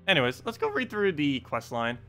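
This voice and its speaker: Lively, chatty young man streaming. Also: fairly high pitch, brisk, smooth, soft background music. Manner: chatty and self-deprecating, laughs often. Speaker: game streamer. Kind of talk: casual live-stream commentary.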